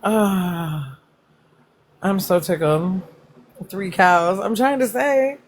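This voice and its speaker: A woman's voice: medium pitch, drawn-out words, a little hiss or hum. A woman hosting a casual livestream, chatting and reacting to comments, laughing often and swearing freely. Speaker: livestream host.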